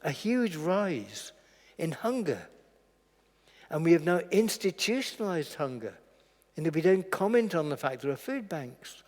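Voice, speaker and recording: Older man, director guest, earnest and indignant, slightly high voice, long hall echo. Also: very animated, measured pace, darkish tone. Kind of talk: public talk. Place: large church hall. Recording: echoey large hall.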